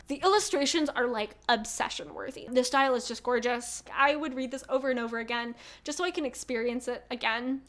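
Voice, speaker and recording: A young woman in her twenties talks through her favourite reads with gushing, animated enthusiasm, swearing freely and laughing often. Her voice sits high and sounds bright and crisp. It is relaxed, casual book review chat. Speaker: book vlogger.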